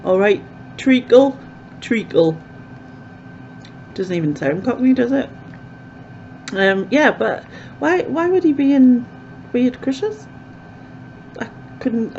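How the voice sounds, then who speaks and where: Speaking to camera in a relaxed vlog, this woman rambles and leans on lots of filler words. Her voice sits on the high side with a warm tone, and the muffled lo-fi audio has slight background noise.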